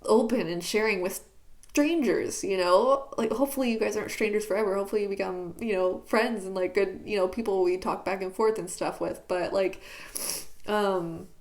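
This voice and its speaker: A woman's darkish, medium-pitched voice moves at a normal pace as she records a reflective vlog from her bedroom at home. The YouTuber is candid, often groping for words with lots of fillers.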